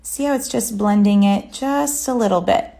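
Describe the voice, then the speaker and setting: A woman giving a relaxed, chatty step-by-step nail art tutorial. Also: medium pitch, moderate pace, gravelly. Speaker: nail artist.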